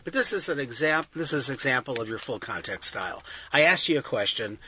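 An enthusiastic man hosts a talk show and explains what makes a story work. His voice is bright and forceful. A faint noise sits behind it. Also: medium pitch, expressive, fairly quick. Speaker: host and storytelling coach. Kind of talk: coaching talk show chat.

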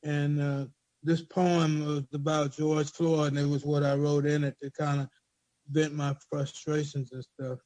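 A man's voice: on the high side, level tone, measured pace, darkish tone, no echo, rough recording. A man speaking hesitantly about why he wrote a poem, then reciting it aloud in a rhythmic spoken-word delivery. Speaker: poet reading his own poem. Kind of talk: spoken word poetry reading.

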